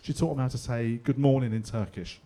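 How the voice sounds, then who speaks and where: A man's voice: mid-range voice, fairly even intonation, a little fast, dark tone. A middle-aged man with a London accent doing stand-up comedy in a pub, chatty and swearing, slipping into other people's voices. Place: pub stage with live audience.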